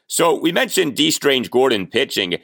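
A man's voice: medium pitch, sing-song, moderate pace, vocal fry, fairly bright tone, no room sound, clean studio sound. A man hosting a casual sports chat, telling the story with wry emphasis. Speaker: podcast host.

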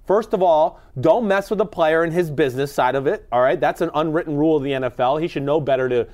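A man's voice: on the high side, fast, darkish tone. Emphatic opinionated man talking football. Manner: emphatic, opinionated, acts out quotes. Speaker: podcast co-host, former NFL player. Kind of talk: casual sports chat.

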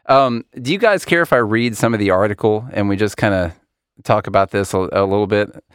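A man's voice: on the low side, fairly quick, smooth, dry recording, clean studio sound. A man co-hosting a casual political podcast, laughing often and reading an article aloud to his co-hosts. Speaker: podcast co-host.

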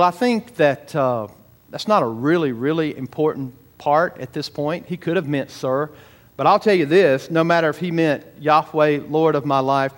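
A man preaching a sermon, emphatic, slowing down and repeating words for stress. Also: fairly high pitch. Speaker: pastor.

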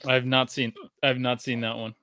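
A man's voice: mid-range voice, little pitch movement, moderate pace, sharp tone, dry recording. A man co-hosting a casual podcast from his garage, rambling and swearing casually as he trails off and restarts. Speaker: podcast co-host. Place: home garage.

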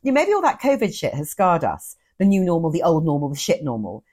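A woman's voice: deep voice, wildly swooping pitch, fast, a little mellow, husky. A woman co-hosting a casual podcast chat, with wry, drily exaggerated rants. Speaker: podcast co-host.

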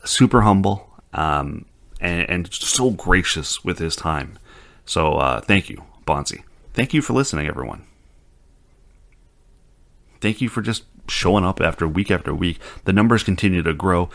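A podcast host chats and wraps up his show in a rambling, easygoing style, swearing casually as he goes. His voice is low and a little creaky with a fairly bright tone, moving at a normal speed with lively intonation. He's recorded on a studio mic while wearing headphones.

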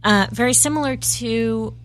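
A woman co-hosting a podcast, chatty and wry with quick asides. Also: fairly high pitch. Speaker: podcast co-host. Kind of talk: casual chat.

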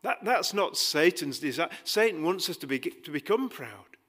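A man preaching a sermon, emphatic, rising to loud pleading passages and dropping quiet again. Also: on the high side, very animated, normal speed, husky. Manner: acts out quoted dialogue with dry humor.

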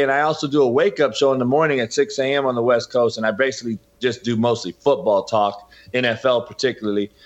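A middle-aged man, a football coach and podcaster, talking emphatically as a guest in an interview and often addressing the host by name. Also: medium pitch. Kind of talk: impassioned interview talk. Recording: dull lo-fi audio.

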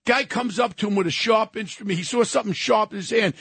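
High, gravelly, shouting man in his 70s. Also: fast, hardly any pauses. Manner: angry, shouting, ranting. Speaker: radio co-host. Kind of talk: political talk radio rant.

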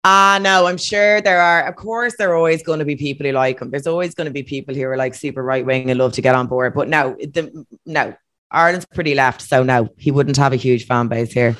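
An Irish comedian chatting as a podcast guest, blunt and lively, with frequent swearing. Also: medium pitch, brisk, no echo, studio quality. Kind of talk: casual podcast chat.

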